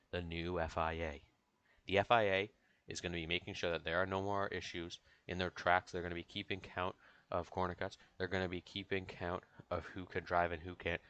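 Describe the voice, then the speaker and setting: A man's voice: deep voice, flat delivery, a little fast, fairly bright tone, smooth. A young man hosting a casual online talk show, loose and joking, with plenty of fillers.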